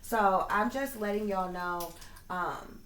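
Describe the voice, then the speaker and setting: A woman's voice: medium pitch, slow pace, fairly bright tone, slight background noise. A woman, a psychic reader and video creator, ranting to her viewers in casual, profane speech, often checking in with her listeners. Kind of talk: casual direct-to-camera rant.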